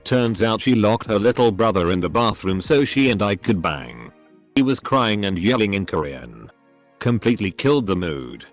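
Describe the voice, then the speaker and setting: A man narrating anonymous online stories in a scripted reading, spelling out abbreviations letter by letter. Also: fairly low pitch.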